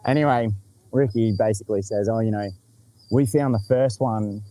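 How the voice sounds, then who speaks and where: A young Australian man with a low, mellow voice recounts a field trip on a casual podcast. He talks in an animated way, swears often and laughs along. Faint insect chirps sit under the voice. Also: moderate pace, slight background noise, low-quality recording. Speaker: podcast host. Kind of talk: casual storytelling chat.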